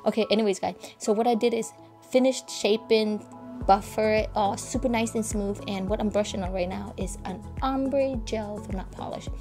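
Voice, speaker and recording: A woman talks viewers through a nail-art tutorial in a chatty, informal way, her voice mellow and warm. She keeps it fairly hushed at times, with faint music playing underneath. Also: medium pitch, moderate pace. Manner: soft, hushed and breathy at times, keeping quiet for a sleeping child. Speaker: nail educator.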